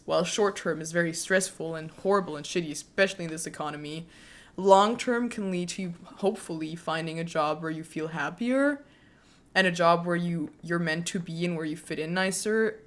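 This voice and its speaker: A woman in her twenties chatting casually with her viewers as a streamer, talking warmly and laughing often. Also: fairly low pitch. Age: 20s. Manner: chatty, frequent laughs, speaks warmly to chat.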